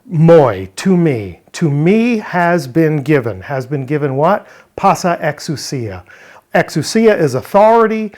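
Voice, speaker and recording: A man's voice: a little high, very animated, unhurried, darkish tone. A man teaching a verse-by-verse Greek word study, explaining step by step and posing rhetorical questions. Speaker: Bible language teacher.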